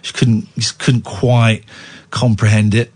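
A man's voice: on the low side, flat delivery, a little slow, a little mellow. A man in his forties hosting a late-night radio talk show, rambling and playfully teasing his co-host and callers. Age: 40s.

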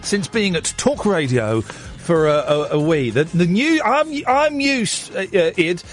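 A man's voice: sits high, a little slow, faint music behind. A man, hosting a late-night radio phone-in in a chatty, self-mocking way. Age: 40s. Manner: chatty, self-mocking, lively banter with the studio team.

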